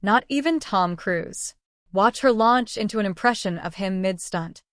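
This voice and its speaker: A woman reading scripted narration for a clip compilation in a smooth, even delivery. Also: mid-range voice, a little slow, slight background noise.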